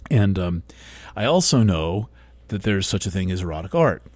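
A man with a low voice talks gently and close into a broadcast microphone, musing aloud at his own pace. He stumbles and restarts his words often. The sound is dry and close, with no room around it. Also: sing-song, no echo. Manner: soft-spoken, halting with frequent restarts. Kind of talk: reflective monologue.

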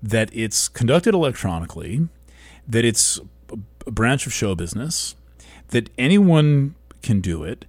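A man speaking a reflective monologue into a broadcast microphone, soft-spoken and gentle, often halting and restarting his words. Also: medium pitch, big pitch swings, breathy edge, dry recording.

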